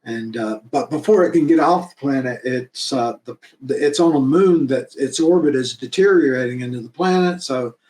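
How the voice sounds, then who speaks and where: A man's voice: mid-range voice, moderate pace, hardly any pauses, a little mellow. A man talking enthusiastically about producing his fan film episodes, rambling and laughing now and then. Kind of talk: casual interview chat. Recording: roomy echo.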